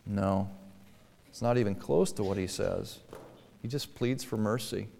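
With a lowish, creaky, slightly mellow voice and a somewhat slow pace, a male pastor gives an earnest sermon in a reverberant hall with slight background noise. His voice rises and falls for emphasis, and he performs pleading quotes.

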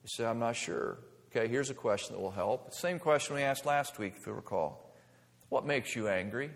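A man's voice: mid-range voice, moderate pace, big-room sound. A male pastor preaching a sermon, full of rhetorical questions and building to emphatic points.

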